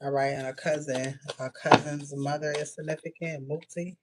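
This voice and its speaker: Woman, spiritual reader, flat delivery, clear noise and keyboard clicks behind her. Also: low voice. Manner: rapid-fire blunt messages, frequent "all right" and cursing. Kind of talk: casual intuitive reading to viewers.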